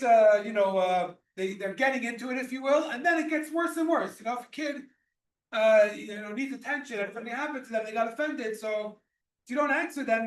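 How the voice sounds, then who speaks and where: A man with a very high voice teaches a religious law class. He explains each point patiently, repeats himself and restarts his sentences. He sounds distant from the mic, in a room full of echo. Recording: echoey room, mic far off.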